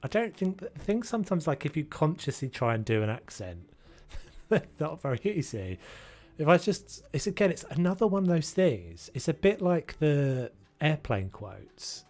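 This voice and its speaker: This UK gaming streamer has a higher-pitched, sing-song voice with a darkish tone, moving at a moderate pace over soft background music. He rambles chattily to his viewers as he plays, one thought leading into the next.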